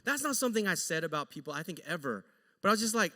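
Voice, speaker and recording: Lively, bright-voiced pastor preaching. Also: male voice, sits high, very fast, big-room sound. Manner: animated, joking, conversational. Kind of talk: sermon storytelling. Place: church sanctuary.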